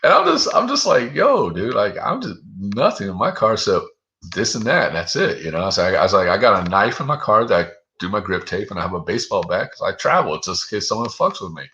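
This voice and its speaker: A man's voice: low-pitched, expressive, quick pace, bright, forceful tone, dull audio. A man, the guest on an interview show, telling a long story in a loose, profane way, full of 'dude' and 'like'. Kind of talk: casual storytelling.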